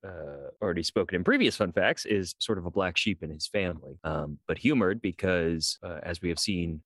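A man's voice: low-pitched, fairly bright tone, no echo, clean studio sound. A man playing in a tabletop game, chatting casually in a joking, playful way. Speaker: player.

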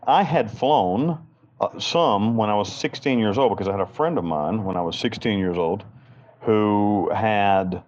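A man from Western North Carolina speaks as an interview guest in a candid storytelling session, his voice fairly low, unhurried and a little mellow. He rambles through his stories bluntly, with profanity and self-mockery. The audio sounds dull.

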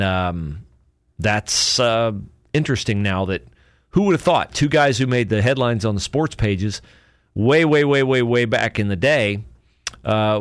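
On his solo podcast, a man works through sports notes, thinking aloud with lots of fillers and correcting himself along the way. His middle-pitched voice is clear and resonant. The sound is dry and close-miked, with no echo or room.

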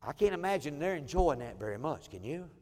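A man's voice: a little high, sing-song, a little fast, darkish tone. A middle-aged man preaching as pastor, telling family stories and acting out the people in them, with chuckling asides. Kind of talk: sermon. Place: church sanctuary. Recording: long church hall reverb.

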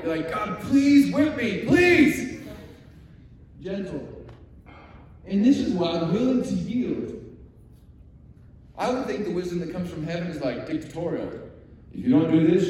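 A man preaching a sermon, telling stories animatedly and acting out the voices of the people in them. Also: high-pitched. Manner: animated storytelling, acts out quoted voices. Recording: echoey hall from far off.

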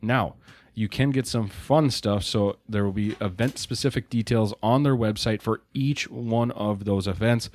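A man's voice: lowish voice, unhurried, a little mellow, dry recording. A man hosting a casual podcast, joking while reading out event dates and places. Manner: joking, reads lists of places. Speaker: podcast host.

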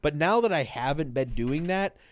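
A man co-hosting a comedy podcast, rambling through absurd bits with halting fillers and a deadpan tone. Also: on the high side, dry recording. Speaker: podcast co-host. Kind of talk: casual comedic chat.

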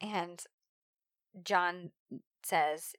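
A woman's voice: lowish voice, fairly even intonation, extremely slow, fairly bright tone, no room sound, studio quality. A woman in casual chat, recapping a TV episode, laughing often and acting out lines from the show.

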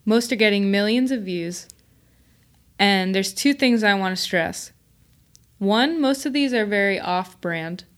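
Chatty woman podcast co-host. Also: medium pitch. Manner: chatty, laughing, quick explaining. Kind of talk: casual podcast chat.

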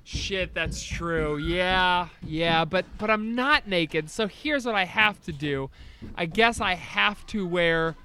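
A man co-hosting a comedy podcast, rambling excitably and swearing freely in casual chat. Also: high-pitched, slow, a little hiss or hum. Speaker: podcast co-host.

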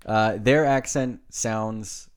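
A young man with a somewhat low voice co-hosts a casual podcast. He is chatty and incredulous, throwing out questions and opinions. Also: steady tone, very slow, clear, resonant tone. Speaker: podcast co-host. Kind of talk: casual chat.

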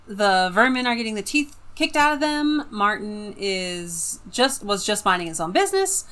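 A woman co-hosting a casual book podcast, with a bright, sharp voice at a middling pitch. She rambles along and fills her sentences with fillers as she goes. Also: sing-song, normal speed. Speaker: podcast co-host.

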